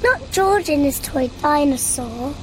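A woman's voice: high voice, lively intonation, measured pace, background noise. A woman voicing a bossy, cheerful little girl pig in a cartoon, proud and giggly. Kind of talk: cartoon voice acting.

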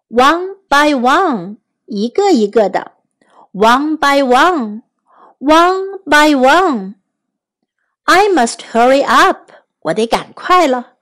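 Slow, patient woman English teacher. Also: sits high, fairly bright tone. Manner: slow, repeats each phrase, explains in Chinese. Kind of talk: bilingual language lesson.

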